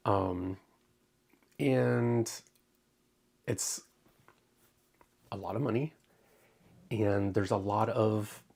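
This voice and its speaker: Gravelly, husky man on a livestream. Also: fairly low pitch, fairly even intonation, a little mellow. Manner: emotional, halting, many ums, close to tears. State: tearful. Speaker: crafting channel host. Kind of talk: casual livestream talk.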